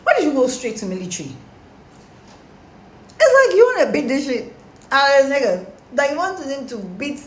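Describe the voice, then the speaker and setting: A young woman telling a story casually to her followers, animated and slangy. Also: high voice, moderate pace, pauses often. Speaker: storytime vlogger. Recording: roomy echo, faint background.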